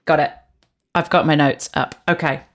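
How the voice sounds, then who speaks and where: A woman's voice: sits low, fairly even intonation, moderate pace, a little hiss or hum. Blunt, swearing woman gossiping casually. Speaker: podcast co-host recapping a reality show. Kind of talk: casual chat.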